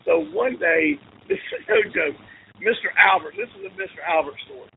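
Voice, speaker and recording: A man's voice: very high-pitched, huge pitch swings, normal speed, creaky. A man, a football coach telling rambling stories in a casual chat. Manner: rambling anecdotes with laughs and restarts. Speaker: interview guest, football coach. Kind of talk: casual storytelling. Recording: tinny phone-like call audio with faint noise.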